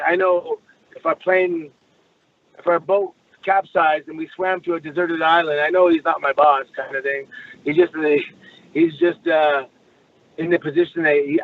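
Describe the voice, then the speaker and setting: Guest from Canada, male, slightly high voice, loose profane storyteller, heard over a phone-like line. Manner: swears freely, rambling with restarts. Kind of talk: casual storytelling.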